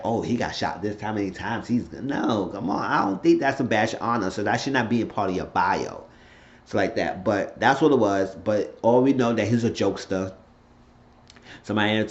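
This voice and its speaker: A man's voice: on the low side, muffled recording. Blunt, opinionated man recapping. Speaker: TV show reviewer. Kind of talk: casual unscripted recap.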